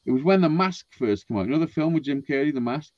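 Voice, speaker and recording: Animated, swearing man telling stories. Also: a little high, fast talker, dry recording, lo-fi sound. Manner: animated, swearing, acts out quotes. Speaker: storyteller in group chat. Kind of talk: casual chat.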